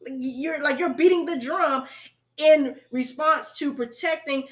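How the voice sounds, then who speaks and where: Insistent woman, fairly high voice. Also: measured pace. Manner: insistent, cuts in to take the floor. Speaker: podcast co-host. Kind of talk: heated casual discussion.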